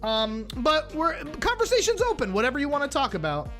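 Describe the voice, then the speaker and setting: A man's voice: extremely high pitch, very animated, fairly quick, pushed and bright, faint music behind. A man streaming live, chatting casually and playfully with his audience while reacting to videos. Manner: chatty, playful, talks straight to his chat.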